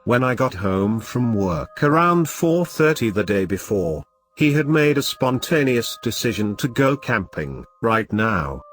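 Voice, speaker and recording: A man's voice: medium pitch, big pitch swings, fairly bright tone, faint music behind. A dramatic male horror-story narrator. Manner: dramatic, measured.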